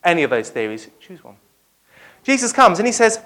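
Animated preacher telling a Bible story. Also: medium pitch, a little fast. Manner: acts out the dialogue of the story; speaks directly to the congregation. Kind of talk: lively sermon storytelling.

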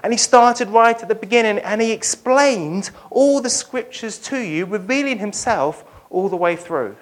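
A preacher giving a lively sermon, retelling a Bible story and acting out its dialogue for the congregation. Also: mid-range voice, normal speed. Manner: speaks directly to the congregation.

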